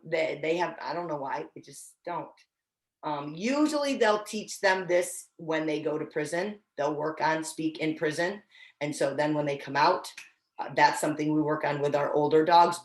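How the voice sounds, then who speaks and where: Echoey woman teaching dog commands. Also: fairly low pitch. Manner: casual, encouraging, with frequent restarts. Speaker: dog training instructor. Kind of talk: online training class.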